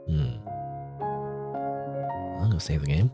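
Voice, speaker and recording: Young man, let's play host, low voice, very animated, rambling casual commentary. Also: moderate pace, long pauses, faint music behind. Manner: rambling, filler-heavy.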